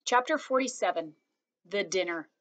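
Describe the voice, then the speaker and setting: A woman reading a children's novel aloud, one chapter after another. Her delivery is calm and steady, in a voice of ordinary middle pitch. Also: normal speed. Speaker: reader.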